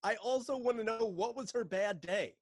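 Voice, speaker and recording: A man's voice: sits high, moderate pace, no echo. A man co-hosting a podcast, riffing crudely and laughing through casual comedic chat.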